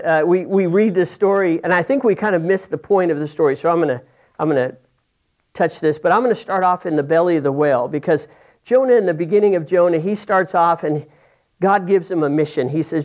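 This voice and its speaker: A man's voice: on the high side, fairly quick, darkish tone. A man preaching a sermon, retelling a scripture story casually with frequent restarts and acted-out lines. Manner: conversational storytelling with many restarts, acting out characters' lines.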